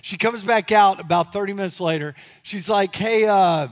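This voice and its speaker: A man with a high voice tells a story to a crowd, animated and poking fun at himself. He speaks to his listeners directly. The recording sounds dull and lo-fi. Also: moderate pace. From Memphis area, United States. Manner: animated, self-deprecating, addresses the audience directly. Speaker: speaker telling a story to an audience. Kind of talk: comic storytelling talk.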